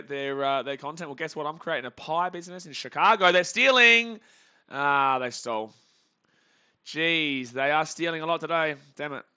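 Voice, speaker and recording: A young Australian man hosting a live baseball reaction stream, joking with chat and calling pitches, swinging from muttering to shouting. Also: clean tone, dull audio. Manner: excitable, jokey, swings between muttering and shouting.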